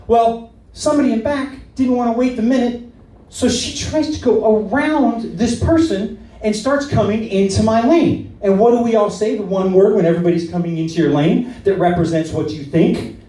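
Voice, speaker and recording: A man telling a driving story as stand-up comedy, acting out shouts and asides to the audience. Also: sits high, normal speed, reverberant, distant mic, poor audio.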